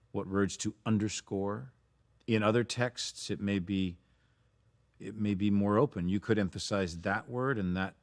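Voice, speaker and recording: A man teaching an acting masterclass, speaking intensely and swearing now and then for emphasis. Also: fairly low pitch.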